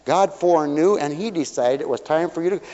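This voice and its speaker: A man preaching as a pastor, folksy and animated, acting out little voices as he talks. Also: a little high, fairly quick. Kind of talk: sermon. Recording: dull hall recording with long reverb.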